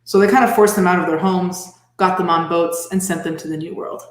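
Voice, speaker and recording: A woman's voice: on the low side, steady tone, fairly quick. A woman guest musician chatting casually, laughing often and explaining at length. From French and Spanish roots. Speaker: guest fiddler and step dancer. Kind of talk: casual interview chat. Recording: echoey room.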